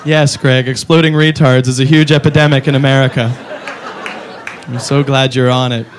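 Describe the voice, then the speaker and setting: A man's voice: mid-range voice, flat delivery, moderate pace. A man doing a stand-up comedy set on a club stage, profane and mock-outraged. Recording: live club recording with crowd noise.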